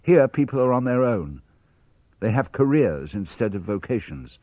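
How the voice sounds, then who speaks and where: An older man with a British accent reading a father's letters aloud for radio, measured and expressive. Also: mid-range voice, no room sound, clean studio sound. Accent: British English. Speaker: reader of letters.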